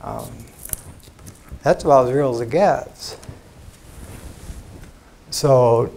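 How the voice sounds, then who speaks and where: A man's voice: medium pitch, very slow, a little mellow. An older American man giving an informal spiritual talk in a lecture hall, frank and conversational, with salty asides and mock quotes. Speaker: spiritual teacher.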